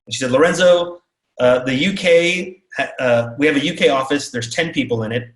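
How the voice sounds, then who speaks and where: Animated storytelling man in echoey room. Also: medium pitch, normal speed. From Texas, USA. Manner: animated, acts out quotes of others. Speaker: keynote speaker. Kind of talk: storytelling talk.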